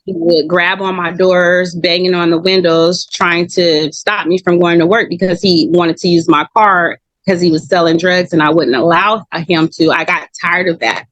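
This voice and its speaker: A woman's voice: lowish voice, normal speed, few pauses, no room sound. A woman from Long Beach telling her own story as an interview guest, candid, acting out what others said. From Long Beach, California. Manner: animated, acts out quoted voices.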